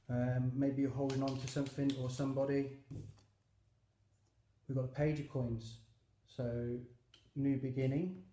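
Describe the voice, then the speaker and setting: A man talks through a tarot spread in a loose, chatty way, full of fillers and little asides. His voice is dark and mellow and stays fairly flat in pitch. The sound is roomy, with clear echo around him. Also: slight background noise. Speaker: tarot reader. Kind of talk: casual tarot reading.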